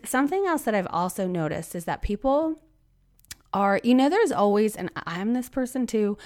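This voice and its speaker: A woman's voice: medium pitch, lively intonation, normal speed, darkish tone. A woman hosting her own podcast, fighting a cough and losing her voice. She talks in a chatty, rambling way and gets worked up into exclamations. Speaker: podcast host and photographer. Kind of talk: casual solo podcast talk.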